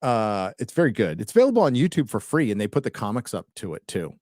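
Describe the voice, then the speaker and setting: A man's voice: lowish voice, sing-song, fast, darkish tone, no room sound, clean studio sound. A man co-hosting a casual podcast, rambling and joking, drifting into asides. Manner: rambling, jokey, trails off into asides. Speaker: podcast co-host. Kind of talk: casual chat.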